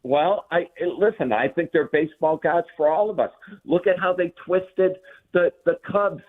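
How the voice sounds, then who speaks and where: Male radio co-host, higher voice, insistent, sounding thin and off-mic. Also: moderate pace, narrow, tinny audio.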